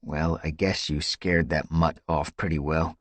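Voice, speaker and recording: A man's voice: extremely low pitch, fairly even intonation, unhurried, dry recording. A man voicing a brave young male warrior cat in an audiobook, speaking firmly and evenly. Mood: retorting. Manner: firm, level retorts.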